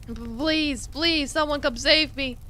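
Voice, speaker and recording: Woman voicing a frantic young hero in a video game, high bright shouts, panicked and pleading. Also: takes it slowly, exaggerated voice. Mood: terrified. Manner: frantic, shouting and sobbing in despair. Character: panicked young hero trapped in a burning building.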